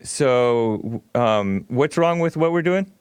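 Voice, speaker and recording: A man's voice: mid-range voice, lively intonation, takes it slowly, smooth, no echo, clean studio sound. Blunt, provocative man hosting a call-in show. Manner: blunt, provocative, laughs often. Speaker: radio talk show host. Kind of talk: call-in radio talk.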